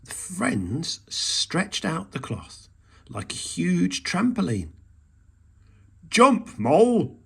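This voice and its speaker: Storybook narrator, male, slow and very lively, husky and gravelly. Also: on the high side. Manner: slow, expressive reading. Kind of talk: children's storybook reading.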